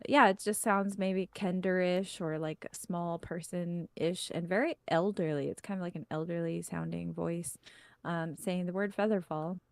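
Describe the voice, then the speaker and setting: Woman game master, chatty, laughing, mid pitch, dry sound. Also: dry recording. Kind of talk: narrating a tabletop game.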